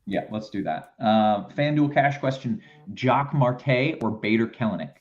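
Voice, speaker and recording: A man's voice: mid-range voice, a little slow, a little mellow. A man hosting a casual live stream, reading viewer questions aloud to his guests. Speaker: host. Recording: dull lo-fi stream audio.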